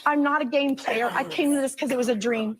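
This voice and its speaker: A woman's voice: high-pitched, fairly even intonation, brisk, a crowd in the background. A middle-aged woman speaking in a heated, rambling, apologetic way to housemates, recorded from a distance. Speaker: reality show contestant. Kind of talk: emotional speech to housemates. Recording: roomy sound from off-mic.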